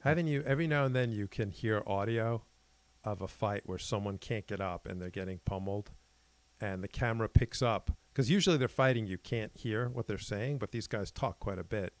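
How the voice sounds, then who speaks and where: Low-voiced man rambling through a story. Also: brisk, no echo. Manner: rambling, self-correcting storyteller. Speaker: podcast co-host. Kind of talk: casual chat.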